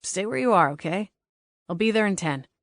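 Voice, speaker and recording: A woman narrating an audiobook, voicing a kind adult boyfriend who speaks calmly with concern. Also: medium pitch, moderate pace, no room sound, lightly acted.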